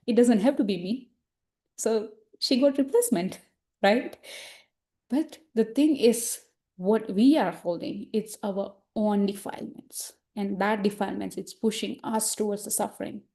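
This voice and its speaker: Buddhist nun, female, mid-pitched and mellow; earnest, reflective discussion in non-native English, quoting her own thoughts aloud. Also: unhurried. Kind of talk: informal dharma discussion.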